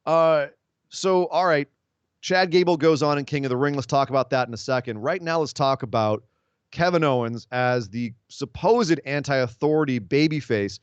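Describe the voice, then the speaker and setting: A man's voice: mid-range voice, moderate pace, clear, resonant tone, dry recording, muffled recording. A man hosting a casual podcast, recapping and picking apart wrestling storylines in long opinionated stretches. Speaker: podcast host.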